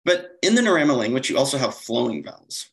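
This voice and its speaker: A man's voice: mid-range voice, big pitch swings, quick pace, gravelly, rough recording. A man giving a slide-based conference lecture, explaining steadily with occasional fillers and self-corrections. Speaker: conference presenter.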